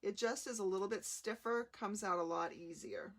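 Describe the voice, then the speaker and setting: A woman hosting a live card-making demonstration, explaining each step in a chatty, unhurried way. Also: mid-range voice, a bit bright. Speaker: craft demonstrator.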